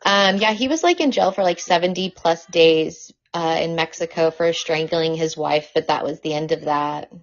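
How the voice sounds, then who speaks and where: A woman chatting as a podcast guest, animated and outspoken, with frequent swearing. Her voice sits fairly low. The recording is dull and lo-fi. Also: moderate pace, few pauses. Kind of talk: casual conversation.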